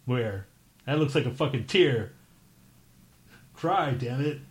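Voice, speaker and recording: Against crowd noise, a podcast co-host with a medium-pitched voice and lively intonation speaks slowly. His banter is crude and casual, full of swearing, teasing and frequent laughter.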